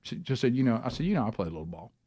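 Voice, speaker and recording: A man hosting a talk show, telling a long animated story and acting out the voices of both people in it. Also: medium pitch, racing. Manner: animated storyteller, acts out dialogue. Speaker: radio show host.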